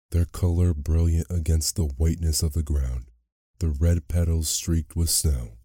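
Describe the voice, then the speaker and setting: A man narrating a bedtime story in a soft, unhurried way. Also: a bass voice, no echo, studio quality. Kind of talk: slow bedtime story reading.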